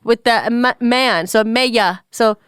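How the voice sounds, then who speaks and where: A woman co-hosting a podcast in casual chat, playful and teasing with quick quips. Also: fairly high pitch, fairly bright tone, clear, resonant tone, dry recording, studio quality. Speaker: podcast co-host.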